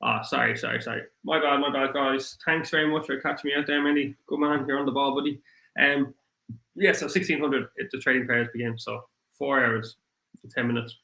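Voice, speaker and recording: A man with an Irish accent hosting a casual livestream, rambling and apologetic, his voice getting rough after hours of talking. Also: mid-range voice, steady tone, brisk, pushed and bright, reverberant, rough recording. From Ireland. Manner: rambling, apologetic, thinks aloud with many fillers. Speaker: crypto livestream host. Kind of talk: casual livestream chat, reading viewer comments.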